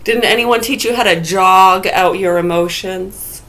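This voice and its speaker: A woman's voice: on the low side, fairly even intonation, a little slow, gravelly, a bit bright. A woman in a casual ranting monologue, blunt and profane, firing rhetorical questions at imagined listeners. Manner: argumentative, talks to absent listeners.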